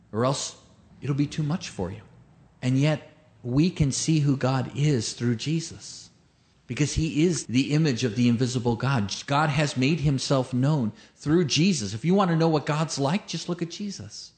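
Male pastor preaching, emphatic, lots of repeated lines and questions, average pitch. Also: darkish tone. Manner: emphatic, builds with repeated phrases and rhetorical questions; tells a joke as a story. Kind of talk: sermon.

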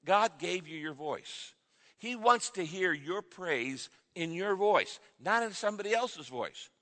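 A middle-aged male pastor delivering an emphatic sermon, with sudden shouted exclamations, in a large church hall. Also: sits high, lively intonation, measured pace. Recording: reverberant hall sound.

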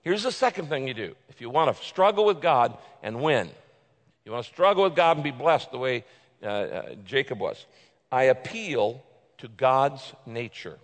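A man preaching a sermon, reading scripture aloud and moving from loud pleading passages to quiet, intimate asides. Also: medium pitch, lively intonation, moderate pace. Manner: dramatic, swings from loud pleading to hushed intimacy. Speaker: pastor. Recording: long hall reverb.

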